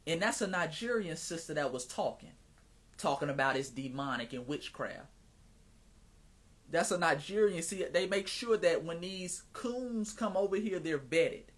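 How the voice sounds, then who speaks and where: A man hosting a live stream, talking in a casual, animated, preacher-like cadence and sometimes slipping into mocking voices. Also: on the high side, a little slow.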